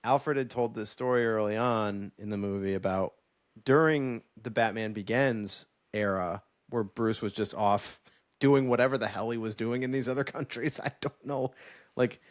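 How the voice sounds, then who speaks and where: A man co-hosting a podcast in casual chat, telling stories with lively quoted voices and frequent laughs. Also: lowish voice, normal speed, no echo, clean studio sound. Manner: animated storytelling with quoted voices, laughs often. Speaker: podcast co-host.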